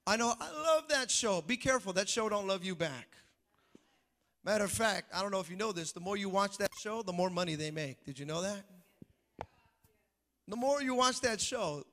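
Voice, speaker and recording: Man, pastor, sermon, high voice, bright and forceful tone, repeats lines, asks the crowd to answer back. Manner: preachy, calls for congregation response; repeats key phrases for emphasis.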